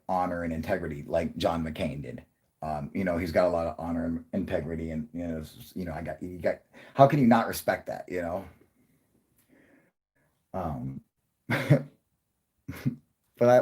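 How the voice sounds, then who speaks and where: A man's voice: low voice, darkish tone, breathy edge. A man vlogging to camera in a casual, profane, rambling rant, telling stories with lots of laughs and swearing.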